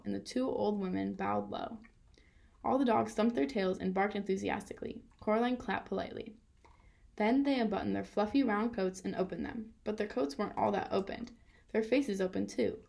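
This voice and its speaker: A woman reading a children's novel aloud in a steady storytelling manner. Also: medium pitch, vocal fry. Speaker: reader.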